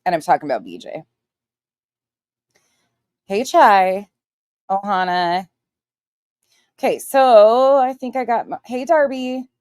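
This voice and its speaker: A woman in her forties hosts a casual livestream, calling out viewers' names as they arrive in chat. She speaks bluntly and swears freely, with a defiant edge. Her voice is mid-pitched and recorded dry and close to the mic. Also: expressive, slow, pauses often, darkish tone, no echo. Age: 40s. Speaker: livestream host.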